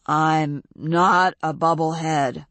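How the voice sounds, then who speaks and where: A woman doing a soft, slow honest teen boy. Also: low voice, steady tone, no echo. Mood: earnest. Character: calm teenage boy, quiet and painfully honest.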